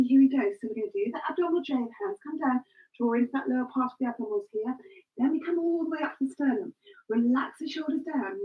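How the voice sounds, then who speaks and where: A woman coaching a live exercise session, encouraging and cueing breaths and counts. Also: high-pitched. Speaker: fitness instructor. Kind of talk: live exercise class instruction. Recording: distant, dull lo-fi live stream.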